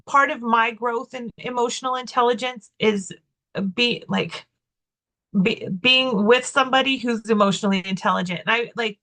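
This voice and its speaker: A podcast co-host with a high-leaning, pushed, bright voice tells a personal story in casual conversation. She rambles with plenty of fillers and restarts, sounding candid and self-mocking.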